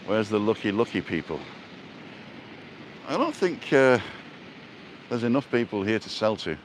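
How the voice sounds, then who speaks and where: A man's voice: on the low side, sing-song, a little slow, a little hiss or hum. A man hosting a casual walking live stream, talking into a handheld phone outdoors with a chatty, self-mocking, punning way of speaking. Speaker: vlogger and live-stream host. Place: outdoors, walking along a street in a seaside resort. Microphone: handheld phone camera.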